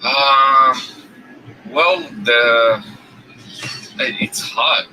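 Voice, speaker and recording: A man with a Russian accent speaks very slowly and haltingly over a webcam call, stopping to hunt for basic English words. His voice is very bright and keen-edged at an ordinary pitch. A faint hiss rides under the call. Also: poor audio. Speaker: video chat stranger. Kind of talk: halting casual chat.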